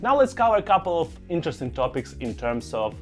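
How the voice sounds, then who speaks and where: A man's voice: on the high side, big pitch swings, quick pace, faint music behind. A young man, vlogging in a casual, conversational way, often saying "like" and "you know". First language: not English. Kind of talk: casual talk to camera.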